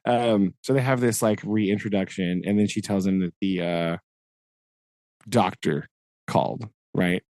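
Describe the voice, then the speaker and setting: A man co-hosting a podcast, casually retelling book chapters with lots of fillers and quick acted-out quotes. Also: lowish voice, steady tone, darkish tone, no room sound. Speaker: podcast co-host.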